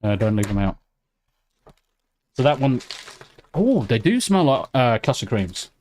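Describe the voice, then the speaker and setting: A British man chatting casually on a live stream. He reacts excitably to chat and swears freely. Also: medium pitch, measured pace, slight background noise. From United Kingdom. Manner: excitable, swears freely, talks while eating.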